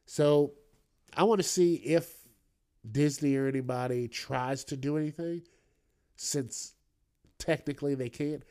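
A man's voice: fairly high pitch, measured pace, long pauses, warm tone, clean tone. A man hosting a podcast, riffing through the news alone in a loose, rambling way, full of swearing and joking asides. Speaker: podcast host. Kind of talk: casual solo news commentary.

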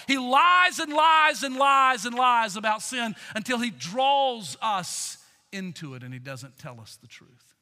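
A man preaching a sermon as pastor of his church, impassioned, swinging from loud to near whispers. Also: very high-pitched, expressive, a little slow. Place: church sanctuary. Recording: long reverb in a church hall.

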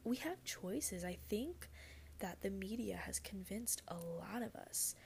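A woman's voice: mid-range voice, expressive, unhurried, creaky, darkish tone, slight background noise. A woman hosting a solo podcast from her bed, talking casually and earnestly, rambling with lots of "like" and "you know" and the odd swear word. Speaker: podcast host.

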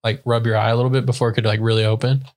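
A man's voice: medium pitch, level tone, racing, darkish tone. A young man co-hosting a podcast, chatting casually and rambling with lots of fillers. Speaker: podcast co-host. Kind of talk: casual chat.

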